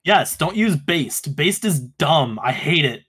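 A man co-hosting a casual podcast, his voice sitting a little high. He talks in animated bursts, swears often and breaks into laughs. His delivery is loose and conversational. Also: slow, slightly rough. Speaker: podcast co-host.

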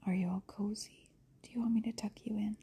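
A middle-aged woman at home voicing a gentle woman who tucks the listener into bed, in a soft, hushed whispered role-play. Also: mid-range voice, steady tone, quick pace, slight background noise, natural voice. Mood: soothing.

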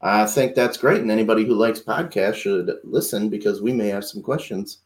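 Dry-joking low-voiced man co-host. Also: a little fast. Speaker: podcast co-host. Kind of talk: casual chat.

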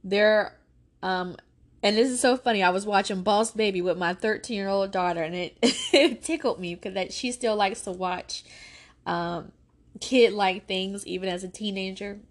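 A woman's voice: medium pitch, moderate pace. A woman in her thirties with a lilt speaks as a podcast host on faith and parenting. She talks earnestly, like a preacher, circling back to repeat key phrases for emphasis. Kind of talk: faith-based parenting talk.

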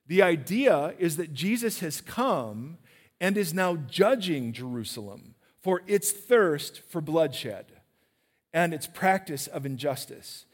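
A man preaching a sermon in a church, animated and questioning his listeners directly. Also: on the high side, slow, in a large hall.

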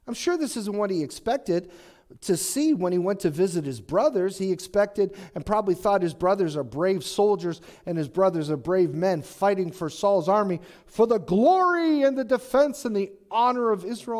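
Animated male pastor preaching. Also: high voice, moderate pace. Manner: animated, conversational storytelling. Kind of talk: sermon.

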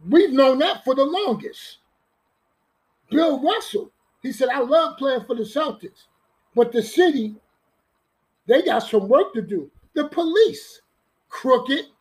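Man, podcast host, very high-pitched, emphatic, repetitive, streetwise solo talk. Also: expressive, measured pace, long pauses, a little mellow, rough recording. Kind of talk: energetic solo sports talk.

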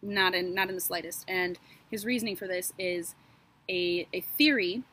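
A woman co-hosting a podcast recounts a true-crime case casually, in a chatty, sarcastic way full of asides and fillers. Her voice is lowish and fairly bright, at a normal speed.

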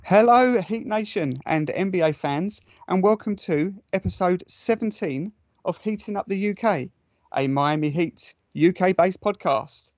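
A man's voice: high voice, animated, measured pace, no echo, lo-fi sound. A man with a British accent hosting a podcast interview, eager and prone to hesitant restarts. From United Kingdom. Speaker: podcast host.

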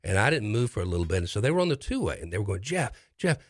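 A man telling a story in casual chat, rambling and halting with many restarts. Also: on the low side, dry recording. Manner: animated storyteller.

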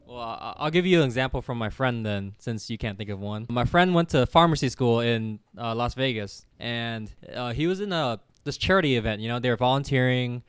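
Young man guest, mid-pitched smooth voice, animated profane storyteller, dry close mic. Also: brisk, hardly any pauses, dry recording. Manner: animated, profane, acts out quotes. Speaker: podcast guest. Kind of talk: casual storytelling.

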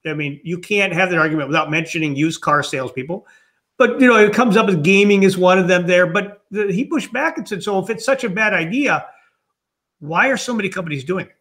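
High-voiced man musing aloud. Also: bright, forceful tone. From Minnesota, USA. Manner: thoughtful, rambling, musing aloud. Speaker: guest, customer experience author. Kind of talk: conversational interview answers.

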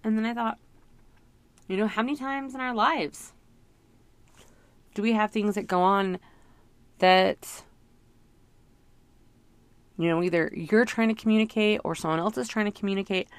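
A woman's voice: mid-range voice, normal speed, pauses often, smooth, dry recording. A middle-aged woman talking through her thoughts in a casual, rambling, reflective monologue, full of fillers. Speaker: parent sharing reflections.

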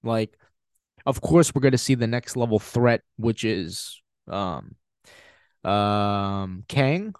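A man's voice: lowish voice, takes it slowly, a little mellow, smooth, no room sound, clean studio sound. A man hosting a podcast, giving a casual, emphatic film review with frequent swearing and laughter. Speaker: podcast host.

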